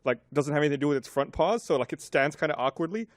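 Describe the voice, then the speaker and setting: A man's voice: on the high side, rapid-fire, dry recording, studio quality. A man co-hosting a casual podcast, describing things with many fillers. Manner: lively, uses many fillers like "like" and "uh". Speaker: podcast co-host.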